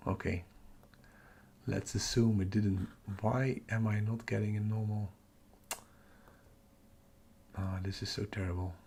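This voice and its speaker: Low-voiced man quietly hosting a stream. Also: creaky, a little hiss or hum. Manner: half-whispering because the house is asleep; muttering to himself over the capture software. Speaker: astrophotography livestream host. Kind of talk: live stream commentary, talking to chat. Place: home at night, by his telescope.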